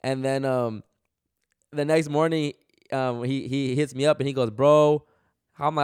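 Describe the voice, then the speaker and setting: A man's voice: mid-range voice, a little slow, clear, resonant tone, dry recording, clean studio sound. A man telling a personal story in casual, slangy speech, acting out what people said. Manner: animated, slangy, retells dialogue.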